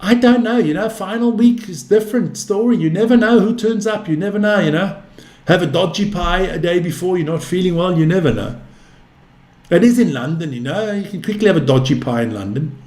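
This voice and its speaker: A man in his fifties gives casual live darts commentary, calling out scores between loose banter with viewers. His voice sits fairly high for a man. The sound is roomy, with a noticeable echo. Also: brisk, darkish tone. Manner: chatty, calls scores and answers viewer chat. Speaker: darts commentator and stream host.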